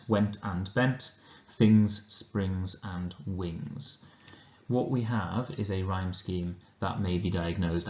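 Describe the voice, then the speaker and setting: A man with a Welsh accent teaching a lesson, explaining slowly and carefully, then reading a poem aloud. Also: sits low. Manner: slow, measured explanation. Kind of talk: recorded lesson and poetry reading. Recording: roomy, dull lo-fi recording.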